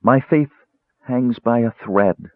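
A man's voice: lowish voice, lively intonation, a little slow, dry recording, pitched above the performer's own voice. A man voicing an anguished young woman cleric who is doubting her faith, speaking in a trembling, pleading way. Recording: tinny phone-like dry sound.

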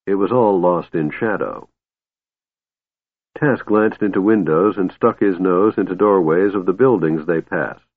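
A man narrating a fantasy story in an expressive storytelling manner, on a dry, tinny phone-like recording. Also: low-pitched, a little slow. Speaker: audiobook narrator. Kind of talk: scripted narration.

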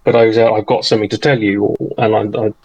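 Man, podcast co-host, lowish voice, halting, repeats words, formal politeness. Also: level tone, a little mellow, husky, highs cut off. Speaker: podcast co-host and charity tournament organiser. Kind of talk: casual podcast chat.

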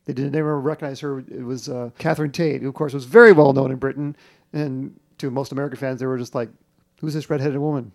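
A man hosting a television podcast, narrating in a measured, informative way. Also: medium pitch, fairly even intonation. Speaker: podcast host. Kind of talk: scripted narration and chat.

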